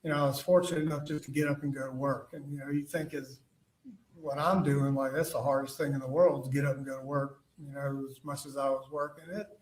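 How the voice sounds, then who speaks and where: A man testifying as a witness in court, halting and full of fillers and restarts. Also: medium pitch. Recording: echoey courtroom audio from far off.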